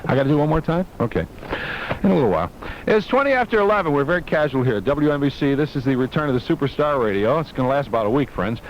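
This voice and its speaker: A man on the air as a disc jockey, rattling off jokes and asides to his engineer. He talks fast with a lively, bouncing pitch. The sound comes from a dull 1970s aircheck with faint hiss. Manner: wisecracking, rambling, joking with the engineer.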